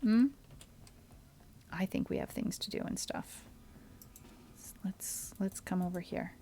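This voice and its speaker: Woman streamer, unhurried game commentary, mutters under her breath between remarks. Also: lowish voice, fairly even intonation, a little hiss or hum. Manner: thinks aloud, often drops to a soft mutter. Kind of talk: casual gameplay commentary.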